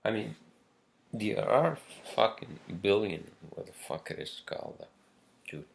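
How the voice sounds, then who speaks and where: A man's voice: fairly low pitch, sing-song, unhurried, creaky. A man delivering a casual, rambling monologue, swearing constantly and pressing his points with heavy emphasis. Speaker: podcast host.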